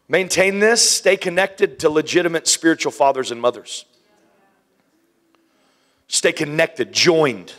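A man preaching a sermon, animated, acting out scenes with hushed whispers and playful voices. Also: on the high side.

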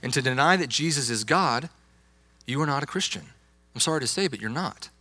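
A man's voice: mid-range voice, lively intonation, a little fast, bright, forceful tone, no echo. A young adult man, a youth pastor, preaching a sermon with emphatic, insistent stress on key words.

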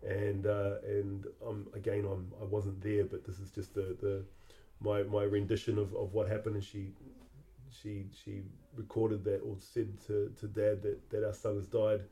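A middle-aged man, hosting a podcast and telling a personal memory in a halting, reflective way that often repeats words. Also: on the low side, completely flat delivery, warm tone. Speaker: podcast host.

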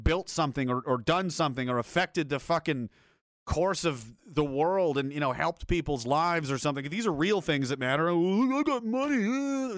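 A man with a fairly high, slightly bright voice delivers an angry political rant on his livestream. He's heated, profane and sarcastic, reading chat messages out loud, and the audio is clean studio sound with no room echo.

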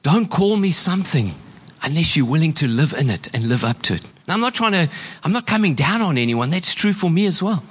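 High, bright-voiced preaching man. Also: sing-song, breathy edge, big-room sound. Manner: preaching with emphatic slow stresses and quoted voices. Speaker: pastor. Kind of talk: sermon. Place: church hall.

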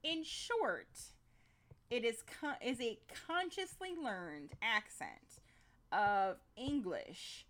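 A woman co-hosts a podcast in casual chat, presenting her topic with animated energy. Her voice rides a wide pitch range and sits slightly high. She sounds engaged and expressive. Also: takes it slowly. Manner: animated, laughs easily. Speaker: podcast co-host.

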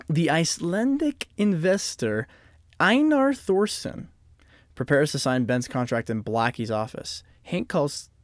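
The voice is a man's at middle pitch, dry and close with almost no room sound around it. He walks through plot points in a casual, animated way, breaking off now and then to joke with his co-hosts. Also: no echo. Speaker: podcast co-host. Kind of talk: casual episode recap chat.

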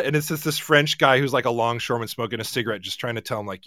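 A man hosting a casual chat show, jokey and animated, acting out quotes in funny voices. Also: medium pitch, very fast, dry recording, clean studio sound. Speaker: show host.

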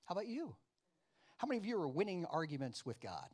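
A man preaching a sermon, acting out dialogue and questioning his congregation, loud one moment and quiet the next. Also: sits high, fast. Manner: animated, acts out biblical dialogue with wide swings in loudness; addresses the congregation with questions and asides. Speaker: pastor.

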